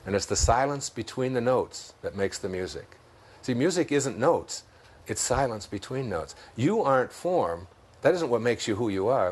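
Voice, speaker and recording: A man's voice: medium pitch, darkish tone, husky. A man with a Detroit accent, a guest in an interview, talking in an expansive, storytelling way and laughing at his own jokes. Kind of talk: reflective spiritual interview talk.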